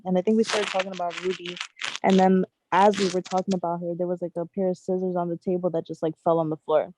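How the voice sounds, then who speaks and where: A woman telling a casual story on a podcast, her low voice gravelly with vocal fry and dark in tone. She talks in a flat, even way and fills every gap with filler words. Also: a little hiss or hum, low-quality recording. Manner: full of "like" fillers, relaxed.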